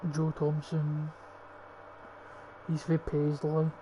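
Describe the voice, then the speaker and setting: A young Scottish man casually talking through a football game, thinking aloud and swearing as he goes. His voice sits a bit high yet sounds mellow, with a flat, even delivery. A faint hiss sits under the recording. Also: very slow, dull audio. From Scotland. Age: young adult. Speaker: gaming YouTuber. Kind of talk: casual gameplay commentary.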